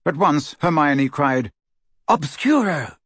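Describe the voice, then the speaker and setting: A man narrating an audiobook in an expressive storytelling manner. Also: mid-range voice, normal speed, breathy edge, no echo, studio quality.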